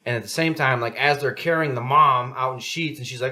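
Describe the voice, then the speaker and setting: A man with a bright, forceful voice, chatting casually on a podcast. He rambles through profane stories and jumps loudly into the voices of the people he quotes. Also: medium pitch, fairly quick, few pauses. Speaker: podcast co-host. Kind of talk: casual chat.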